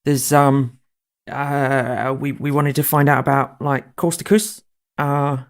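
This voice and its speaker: A man playing a tabletop game in character, speaking hesitantly and halting with many ums. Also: mid-range voice, fairly even intonation. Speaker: player.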